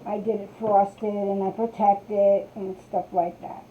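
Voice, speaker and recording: A woman's voice: mid-range voice, level tone, measured pace, slight background noise. A woman hosting a live craft stream, rambling chattily and greeting viewers by name from their comments as she works. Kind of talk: casual live-stream chat. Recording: tinny phone-like sound.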